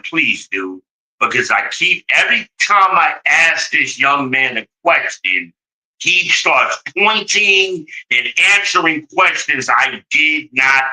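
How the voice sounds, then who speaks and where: Guy venting at the camera, fed up and cussing, slow drawn-out delivery, really bright tense tone. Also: a little high, rough recording. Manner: exasperated, swears freely, mocks with rising outbursts. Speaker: vlogger venting to viewers. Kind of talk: heated ranting storytelling.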